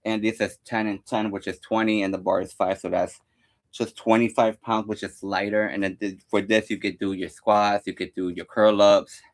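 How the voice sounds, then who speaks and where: A young man casually talking through a home workout, rambling with lots of fillers and counting his reps aloud. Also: fairly low pitch. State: out of breath at times. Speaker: fitness vlogger.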